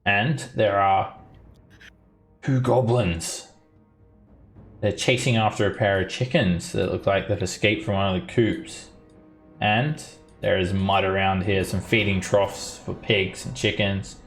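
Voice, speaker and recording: Man, dungeon master, low voice, gravelly, narrating a tabletop game, faint music behind. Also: a bit bright. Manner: descriptive narration with fillers.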